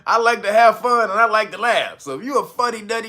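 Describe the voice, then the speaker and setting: A man's voice: animated, pushed and bright. A man hosting his own channel, giving loose, profane commentary and laughing often as he talks. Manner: mocks a stiff, slow talker in a low voice. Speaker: channel host. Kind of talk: casual commentary video.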